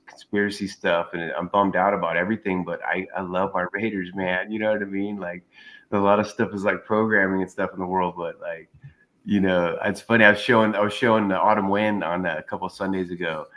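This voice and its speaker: A man's voice: low-pitched, steady tone, brisk, fairly bright tone, rough recording. A man calling in remotely to a casual chat, rambling through stories with lots of fillers. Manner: rambling, filler-heavy storytelling. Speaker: guest caller.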